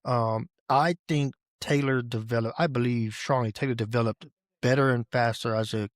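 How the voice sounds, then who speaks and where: A man's voice: mid-range voice, moderate pace, dry recording. Easygoing man, dry close recording. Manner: relaxed, repeats key phrases for emphasis. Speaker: podcast host. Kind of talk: casual conversation.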